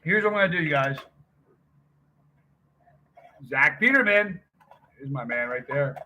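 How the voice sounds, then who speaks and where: A man's voice: fairly high pitch, expressive, a little fast, pushed and bright. A middle-aged man hosting a livestream, chatting casually with viewers and rambling through a story. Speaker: livestream host. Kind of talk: casual chat with live viewers.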